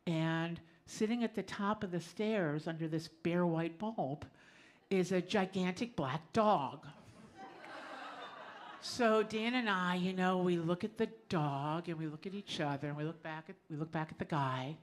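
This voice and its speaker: A woman's voice: fairly low pitch, measured pace. A middle-aged woman performing a personal story live on a small club stage, conversational and often laughing as she tells it.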